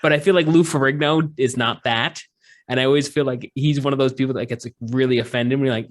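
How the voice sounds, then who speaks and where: A man's voice: mid-range voice, fairly even intonation, fast talker. A man co-hosting a true crime podcast, chatting casually and rambling with jokes and fillers. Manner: rambling, joking, lots of fillers and restarts. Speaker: podcast co-host.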